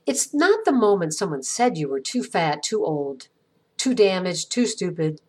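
A middle-aged woman from the United States hosting an inspirational podcast, reading a gentle, earnest script with reflective pauses. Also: fairly low pitch, very animated, husky. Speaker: podcast host.

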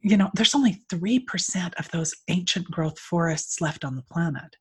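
An older woman telling stories in a casual conversation, animated and laughing often. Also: on the low side, normal speed, husky.

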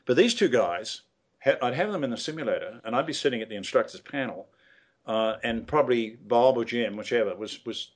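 A man's voice: medium pitch, animated, fairly quick. An older man, a guest telling anecdotes in a rambling, hesitant way with many fillers and restarts. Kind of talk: casual storytelling interview.

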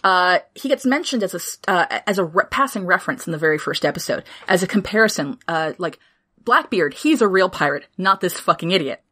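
Animated woman chatting about a show. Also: on the low side. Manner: animated, swearing, quick asides. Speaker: podcast co-host. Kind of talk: casual chat recapping a TV show.

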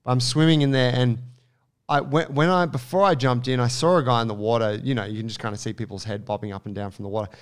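Rambling man, smooth voice. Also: medium pitch, fast talker. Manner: rambling, animated, many fillers and restarts. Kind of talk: casual storytelling chat.

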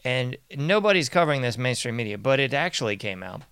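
A man's voice: mid-range voice, lively intonation, fairly quick, a bit bright, smooth. A male commentary host talks with sarcastic, mocking energy. He often laughs and slips into sing-song refrains. The sound is dry, with no room echo. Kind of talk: casual political commentary.

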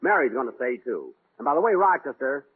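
A man's voice: medium pitch, sing-song, brisk, breathy edge. A man hosting a 1940s radio comedy, talking in an indignant, exasperated way. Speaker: comedy show host. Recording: tinny 1940s radio broadcast.

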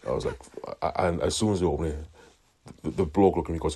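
Husky, very deep-voiced Welsh man. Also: quick pace, warm tone. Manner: rambling, swears constantly. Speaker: caller. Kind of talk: recorded call-in story.

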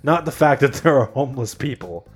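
A Canadian man with a Canadian accent, hosting a podcast and telling anecdotes in a laid-back, animated way. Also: medium pitch, fairly quick, a crowd in the background. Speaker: podcast host. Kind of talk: casual chat.

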